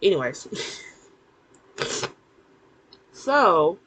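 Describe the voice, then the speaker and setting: A woman casually recapping a TV episode to the camera, animated and incredulous, with plenty of fillers and laughs. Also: fairly low pitch, very slow, low-quality recording.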